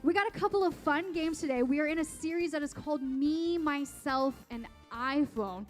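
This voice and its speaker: A young adult woman on staff hosting a junior high youth service on stage, bubbly and playful, a little out of breath. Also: normal speed, faint music behind. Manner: bubbly, playful, talks straight to the crowd.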